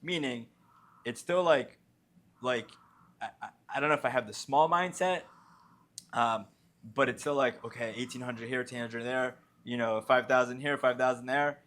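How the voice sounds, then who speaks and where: Halting man chatting casually. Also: medium pitch, fairly bright tone. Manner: halting, many fillers and restarts. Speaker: podcast guest, donor. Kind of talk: casual conversation.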